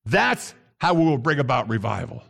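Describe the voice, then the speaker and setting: A man preaching an animated sermon as a messianic pastor, rising to shouts at times and using Hebrew terms. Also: medium pitch, normal speed, gravelly, slightly rough.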